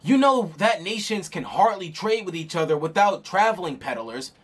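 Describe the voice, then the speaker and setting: A man's voice: sits high, big pitch swings, normal speed, breathy edge, heavily acted. A man voicing an indignant, pleading male traveling peddler with a whiny, protesting manner.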